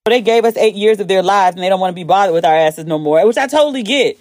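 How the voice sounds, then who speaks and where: A woman hosting a casual chat show, talking in an animated way, swearing freely and jumping high in pitch when excited, recorded on her phone. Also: fast talker, no room sound. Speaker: podcast host.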